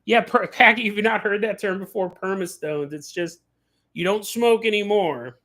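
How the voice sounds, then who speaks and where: Guy hosting a livestream, bright forceful voice, animated storyteller who keeps laughing as he talks. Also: sits high, normal speed. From California. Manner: animated storyteller, acts out quoted people; laughs often mid-sentence. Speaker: podcast host. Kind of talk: casual livestream chat.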